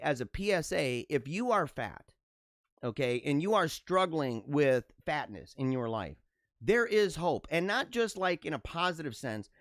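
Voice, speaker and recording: Man, show host, sarcastic jokey talk, slightly high voice, dry close sound. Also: no room sound. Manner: joking, sarcastic, laughs at own jokes. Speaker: podcast host. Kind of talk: casual commentary reading jokes.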